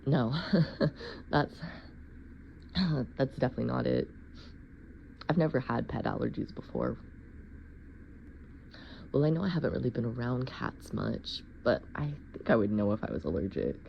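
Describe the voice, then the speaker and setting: Woman doing a solo acted scene, slow unhurried talk, gravelly edge, coos and stammers flustered denials, bit muffled lo-fi sound. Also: a bass voice, expressive, a little hiss or hum. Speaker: solo scenario creator. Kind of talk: acted solo sneeze scenario.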